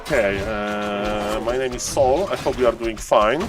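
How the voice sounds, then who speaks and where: A man casting a strategy game live on stream, joking around and yelling excitedly when fights break out. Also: moderate pace, music in the background. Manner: playful, jokey, bursts into excited high-pitched yelling in fights. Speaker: esports caster.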